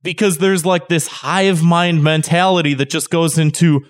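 A man's voice: on the high side, steady tone, normal speed, dry recording. Young guy w a chicago accent ranting on a podcast, swears a lot, dry close sound. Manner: rambling, profane, exasperated. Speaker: podcast co-host. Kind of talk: casual podcast banter.

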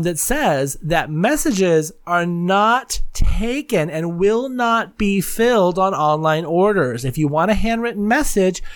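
A solo podcast host, racing through the news like juicy gossip. The delivery is excitable and foul-mouthed, and the pitch leaps around in lively swings. The tone is mid-height, neither high nor low. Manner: excitable, gossipy and profane, with quick asides.

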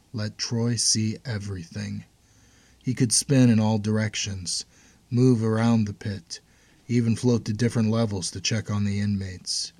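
Male narrator for fiction, steady and tense delivery, dry close sound. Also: fairly low pitch, no room sound.

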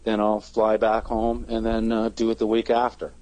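A man's voice: on the low side, completely flat delivery, normal speed, warm tone, poor audio. A man, a touring band's singer, chatting casually in an interview and rambling with many fillers and restarts. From Canada.

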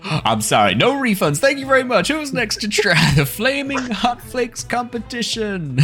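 A man voicing a brash male contest announcer with quick showman patter, in a tabletop game. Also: big pitch swings, pushed and bright, faint music behind, full character voice. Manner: showman patter, booming and brisk.

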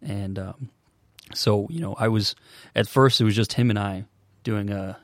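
A man in his twenties, a podcast guest, telling his story in an earnest, halting way with many restarts. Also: on the low side, no echo. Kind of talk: casual storytelling.

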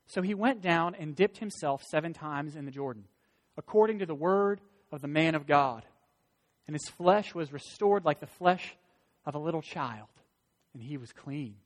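Male pastor, sermon, high voice, emphatic, folksy, echoing church hall. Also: lively intonation, normal speed. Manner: emphatic, rising to loud stresses; folksy asides. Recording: long hall reverb.

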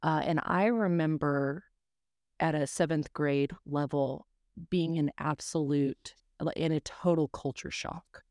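A woman's voice: low voice, fairly even intonation, measured pace, darkish tone, dry recording. Chatty woman podcast host, dry sound. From Charlotte, North Carolina. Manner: chatty, many fillers and hedges. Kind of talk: casual interview chat.

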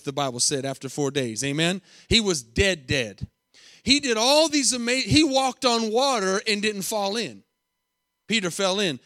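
A man's voice: sits high, bright, forceful tone, dry recording, clean studio sound. A man preaching a sermon as a pastor, emphatic, with repeated phrases and rhetorical questions put to the congregation.

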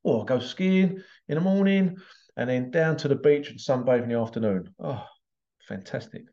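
A man's voice: medium pitch, lively intonation, moderate pace, warm tone. English guy chatting on his podcast, wanders off topic, chuckles a lot, a bit muffled sound. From England. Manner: rambling, digressive, chuckling. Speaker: podcast host. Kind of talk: casual solo monologue.

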